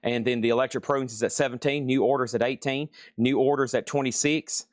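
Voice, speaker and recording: A man hosts a live-stream record auction, rattling off prices and bids with chatty asides. His voice sits at an ordinary middle pitch, and the sound is close and dry with no room echo. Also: fairly even intonation. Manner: brisk running price calls, chatty asides. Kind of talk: live-stream sales patter.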